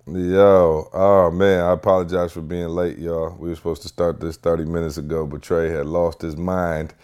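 A man hosting a casual podcast, telling a family story with lively energy and acting out what people said. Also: sits low, normal speed, clean tone. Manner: animated storyteller, acts out quotes. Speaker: podcast host.

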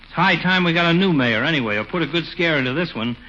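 A man's voice: a little high, animated, fast, sharp tone. An actor playing a gossipy, folksy town barber in a 1940s radio comedy, egging his friend on. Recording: dull noisy old radio recording.

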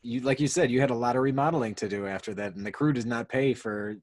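A man's voice: mid-range voice, fast talker, no room sound, clean studio sound. A man co-hosting a podcast, chatting casually and teasing the other hosts with wry asides. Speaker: podcast co-host. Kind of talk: casual comedic chat.

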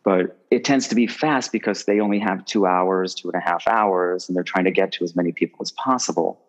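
A man with a very low voice talks through a slightly dull, lo-fi line. He speaks loosely and casually, circling and restarting his sentences, and livens up when he tells a story. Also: a little fast. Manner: rambling, restarts phrases often, animated when telling stories. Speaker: guest medium. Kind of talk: casual conversational interview.

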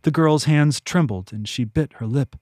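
A man narrating his own fantasy novel as a podcast audiobook, in measured, even storytelling. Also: fairly high pitch, dry recording, clean studio sound. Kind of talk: scripted narration.

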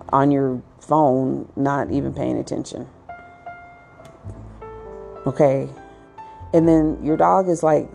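A woman rambles casually to her viewers, breaking into little acted asides and restarting her sentences. She talks slowly in a dark, mellow tone with a heavy gravelly rasp. Faint music plays under her. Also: low voice. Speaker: pet owner giving advice. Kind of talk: casual monologue.

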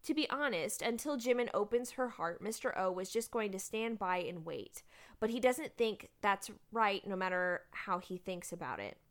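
A woman's voice: medium pitch, expressive, moderate pace. A woman co-hosting a casual chat, recapping a drama plot with filler words and frequent laughs. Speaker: podcast co-host recapping a drama.

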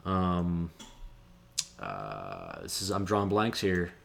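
A man's voice: low-pitched, big pitch swings, slow, creaky, slight background noise. A man in a casual sports chat who hesitates, searches for players' names and trails off mid-sentence. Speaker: podcast co-host.

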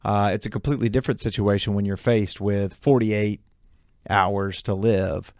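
Low-voiced man hosting, close and dry. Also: steady tone, moderate pace, clear, resonant tone, no echo. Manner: attentive, frequent soft "mm" backchannels, reflective. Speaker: podcast host. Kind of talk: interview conversation.

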